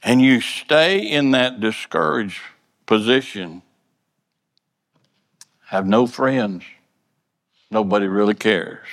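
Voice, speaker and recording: A man's voice: mid-range voice, takes it slowly, long pauses, a bit bright, big-room sound. A man preaching a sermon in a plainspoken, folksy way, earnestly repeating and stumbling over words.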